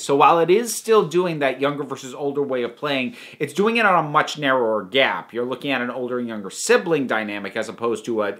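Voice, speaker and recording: A man giving a casual spoken movie review, animated, with many restarts and asides. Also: medium pitch.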